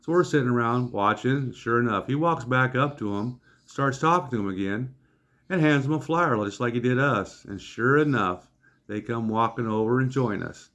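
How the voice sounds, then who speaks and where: A man's voice: mid-range voice, moderate pace, a bit bright, muffled recording. A middle-aged man from Iowa, telling a comic anecdote in a folksy, wry way. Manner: folksy, wry, acts out voices of others. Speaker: storyteller. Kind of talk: comedic anecdote storytelling.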